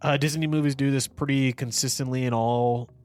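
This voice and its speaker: A man's voice: mid-range voice, steady tone, fairly quick, a little mellow, faint music behind. A man co-hosting a podcast, reviewing a movie in casual, rambling chat full of fillers and restarts. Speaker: podcast co-host.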